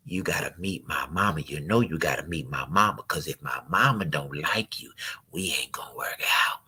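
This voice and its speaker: A man voicing a wounded young man who trusts only his mother, as whispered role-play in a hushed, suspicious voice. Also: rumbling low, animated, moderate pace, slightly rough, voice pushed down, full character voice.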